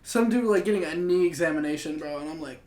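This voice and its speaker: A man's voice: on the high side, quick pace, darkish tone, slight background noise. A young man co-hosting a casual sports podcast, full of crude joking banter. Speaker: podcast co-host. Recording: echoey room.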